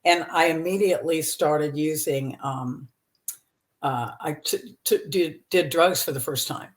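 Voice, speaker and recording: This woman in her seventies from Texas speaks in a low voice and a little slowly. She's a comedian appearing as a podcast guest, talking candidly about her life, laughing often and filling her speech with plenty of fillers.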